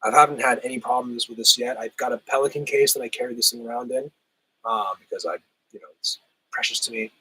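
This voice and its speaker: A man hosts a relaxed live stream and answers his viewers in a chatty, easygoing way. His voice is husky and a little rough, still getting over a cold, at a middle pitch. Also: fast talker, rough recording. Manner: laid-back, chatty, laughs often, says "hell yeah". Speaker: livestream host reading chat. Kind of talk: casual livestream chat.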